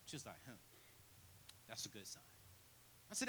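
A man preaching a storytelling sermon, acting out the voices of the people in his story and building to loud, fervent preaching. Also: fairly high pitch, lively intonation, fast.

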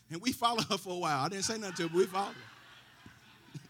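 Bright-voiced preaching man. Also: sits high, quick pace, slight background noise. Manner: preaching with swings from loud to hushed; folksy, conversational asides. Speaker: pastor. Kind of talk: sermon.

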